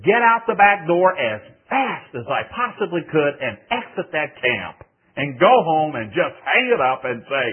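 An older man preaches in an animated storytelling voice, rising loud and dropping to a hush. His tone is husky and a little high. The sound is thin and tinny, like a phone line. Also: moderate pace. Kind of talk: sermon testimony.

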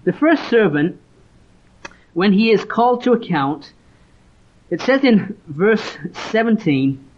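Preacher, muffled recording. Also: male voice, high-pitched, animated, takes it slowly, darkish tone. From Leeds, northern England. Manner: earnest storytelling, reads scripture aloud. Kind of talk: sermon. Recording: dull lo-fi recording.

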